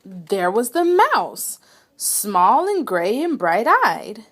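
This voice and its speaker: A woman reading a children's picture book aloud with expressive, dramatic storytelling. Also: medium pitch, extremely slow, husky. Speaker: read-aloud reader.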